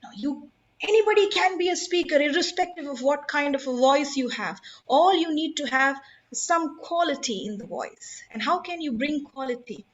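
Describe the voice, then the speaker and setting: A woman's voice: high-pitched, animated, moderate pace, dull audio. A woman, teaching public speaking in an emphatic, instructive way and putting questions to her audience. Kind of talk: online workshop talk.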